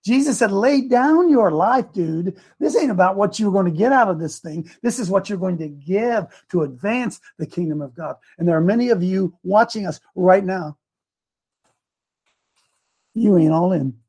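Husky high-voiced man preaching with slang. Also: moderate pace. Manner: animated, slangy, acts out scripture with street talk. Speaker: host and preacher. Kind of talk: preaching Bible commentary on a live show.

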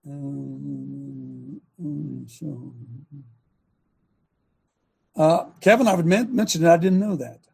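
A man's voice: a little high, creaky, mellow, slightly rough. A man hosting a long-running talk show, preaching emphatically with rhetorical questions.

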